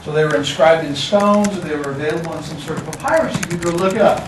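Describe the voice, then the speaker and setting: A man's voice: a little high, animated, fast talker, distant mic, noisy background. A man teaching a class, with a casual, joking lecture manner. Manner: casual, joking, talks to students. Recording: echoey classroom recorded from afar.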